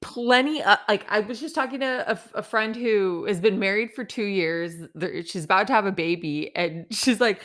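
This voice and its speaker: A woman co-hosting a casual podcast, talking fast in loose bursts and breaking into laughter often. Her pitch sits in the middle range, and her jokes come as quick asides. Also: a bit bright. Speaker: podcast co-host. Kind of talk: casual chat recapping a reality show.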